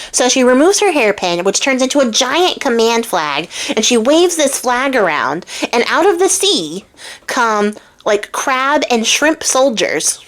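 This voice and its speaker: A woman hosting a crafting channel, retelling a legend in a chatty, slangy way with lots of fillers. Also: fairly high pitch. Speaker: channel host, storyteller. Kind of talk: casual storytelling while crafting.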